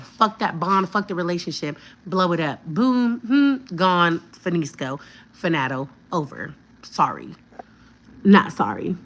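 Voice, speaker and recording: A woman's voice: lowish voice, a bit bright. Blunt, profane woman ranting to viewers. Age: 50s. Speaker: vlogger. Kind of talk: storytime rant to viewers.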